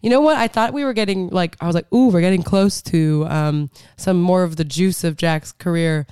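A woman co-hosting a podcast in casual chat, snarky and quick with quips and laughs. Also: fairly low pitch, darkish tone, smooth, no echo, studio quality. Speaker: podcast co-host.

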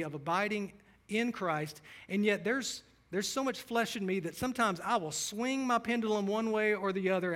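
A man's voice: sits high, fairly bright tone. A man preaching a sermon as pastor, earnest, reading scripture passages aloud.

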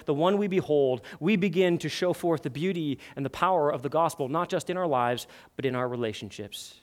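Male pastor, high tenor voice, fervent sermon with repeated emphatic lines. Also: brisk, few pauses. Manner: impassioned, emphatic repetition. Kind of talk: sermon and closing prayer.

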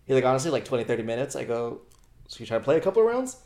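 A man's voice: medium pitch, racing. Young male podcast co-host, loose slangy storyteller, swears a lot, does the other people's lines. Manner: animated, slangy, swears freely, acts out quoted dialogue. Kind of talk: casual storytelling chat.

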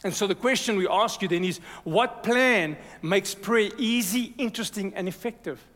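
High-voiced pastor preaching. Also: male voice, normal speed. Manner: energetic, exhorting, calls out "amen" to the congregation. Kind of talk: sermon. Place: church hall. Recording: reverberant church hall.

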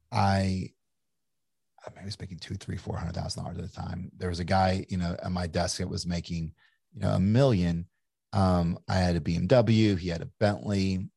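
Deep husky-voiced man, candid and rambling. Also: darkish tone, no echo. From Kentucky, USA. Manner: candid, rambling, frequent restarts. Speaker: entrepreneur guest. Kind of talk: casual interview storytelling.

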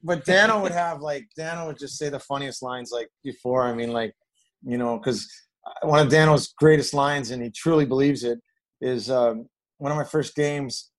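Rambling former hockey player telling stories. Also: male voice, medium pitch, normal speed, rough recording. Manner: rambling, animated when quoting others. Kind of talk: casual storytelling.

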